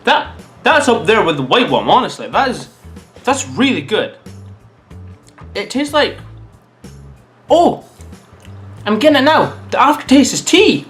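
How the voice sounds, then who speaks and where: Lively man chatting through a taste test. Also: extremely high pitch, unhurried, long pauses, soft background music. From Scotland. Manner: chatty and animated, muses aloud while eating. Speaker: vlogger. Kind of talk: casual taste-test review.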